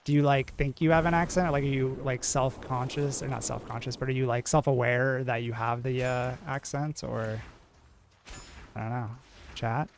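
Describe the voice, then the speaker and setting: A man from New England with a New England accent, chatting casually with his live-stream audience as a game streamer, in a mellow, fairly monotone way full of "like" fillers. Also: medium pitch, moderate pace, vocal fry, slight background noise.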